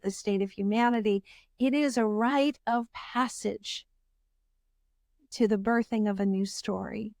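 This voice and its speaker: A woman's voice: mid-range voice, darkish tone, dry recording, clean studio sound. A woman hosting a podcast, talking in an earnest, searching way with frequent restarts. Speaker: podcast host. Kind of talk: reflective interview chat.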